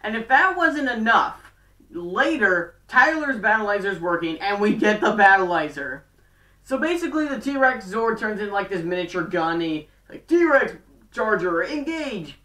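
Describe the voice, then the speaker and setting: A woman chatting through a fan recap, rambling with plenty of fillers and quick bursts. Her voice is bright and a bit sharp. It sounds roomy and distant, as if the mic sits across the room. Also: medium pitch, lively intonation. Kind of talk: casual show recap.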